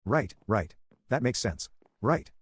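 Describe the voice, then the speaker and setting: A man's voice: medium pitch, very animated, slow, husky, no room sound, full character voice. A man voicing a middle-aged father making chatty small talk with forced cheer in a horror story.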